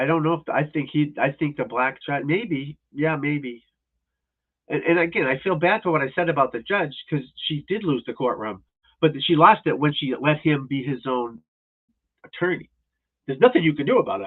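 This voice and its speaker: A man's voice: on the high side, slightly rough. A man hosting a livestream as a golf instructor, in a casual, rambling, blunt and profane rant. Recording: tinny phone-like audio.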